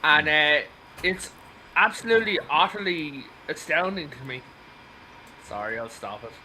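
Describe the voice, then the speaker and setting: Podcast host, male, high and piercingly bright, rambling storyteller. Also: lively intonation, unhurried, slight background noise, rough recording. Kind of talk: casual movie discussion.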